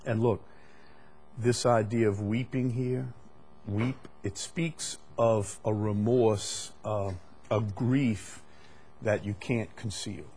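Slow, deep-voiced man preaching. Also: steady tone, a little mellow, a little hiss or hum. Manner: deliberate, repeats words, frequent "uh" fillers. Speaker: pastor teaching the Bible. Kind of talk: conversational Bible teaching.

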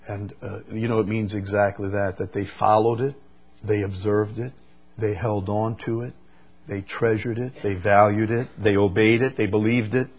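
A man's voice: lowish voice, little pitch movement, normal speed. A man preaching a sermon, quoting scripture with emphatic rises and stammering repeats.

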